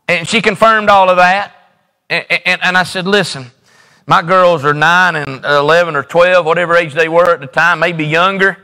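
A man's voice: sits high, steady tone, moderate pace, pushed and bright, smooth, in a large hall. A middle-aged man preaching a sermon in a church, using emphatic repetition and folksy storytelling. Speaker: pastor. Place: church sanctuary.

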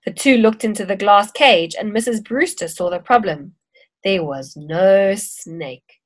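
A woman reading a children's story aloud with an expressive, clear storybook delivery. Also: mid-range voice, measured pace. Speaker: story reader.

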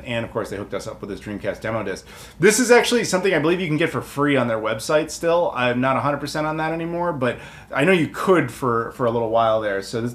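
A man's voice: mid-range voice, echoey room. A man with an American accent chatting casually to camera while unboxing packages, rambling and full of fillers. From United States. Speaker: video game collector YouTuber.

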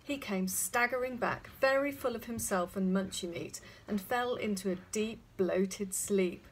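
A woman reading a children's story aloud, speaking gently and addressing young listeners directly. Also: medium pitch, a little slow, slight background noise.

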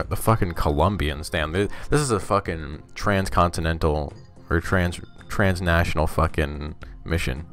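Deep-voiced swearing game streamer man. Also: normal speed, few pauses, a bit bright, soft background music. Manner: loose, heavy swearing, wry asides. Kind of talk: casual let's-play commentary.

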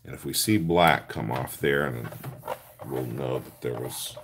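A man's voice: rumbling low, measured pace, background noise. A man hosting a card-making livestream, chatting casually while he works and answering viewer comments by name. He is earnest and gushing, and he talks through each step as he does it. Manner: talks through his hands-on steps.

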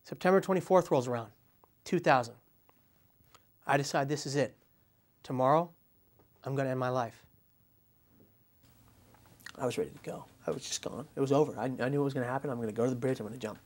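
A man quietly telling his own story as an interviewee. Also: mid-range voice, brisk, long pauses. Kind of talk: personal testimony.

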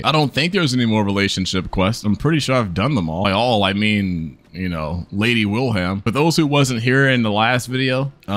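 A young man talks through his game session in a loose, profane, joking way. He addresses his viewers like friends. His pitch moves around a lot in a middle register. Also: a bit bright. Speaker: gaming YouTuber. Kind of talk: casual gameplay commentary.

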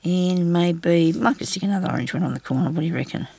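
Woman crafter, gravelly, chatty and reassuring, muttering as she works. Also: fairly low pitch, fast, mellow, no room sound. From Australia. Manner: chatty, reassuring, talks to herself while working. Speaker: craft tutorial host. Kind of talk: casual craft tutorial talk.

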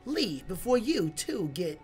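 A woman's voice: medium pitch, sing-song, slow pace, darkish tone, faint music behind. A woman reading the lines of a worried old male village mayor aloud from a video game. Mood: fretful.

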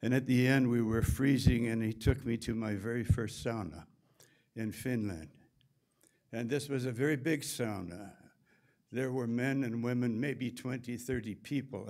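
A Canadian man in his seventies giving a memorial talk, telling wry, unhurried anecdotes. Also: mid-range voice, darkish tone. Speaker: memorial speaker.

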